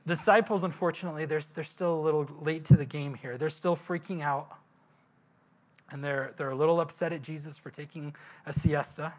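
A man's voice: on the high side, brisk. Conversational male pastor preaching. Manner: conversational, animated storytelling with rhetorical questions. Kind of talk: sermon.

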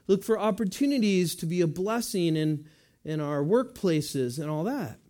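Warm in tone and lively in intonation, a high-pitched man delivers a conversational sermon. He keeps asking the congregation questions and quickly answering them himself, the way a pastor chats with his people.

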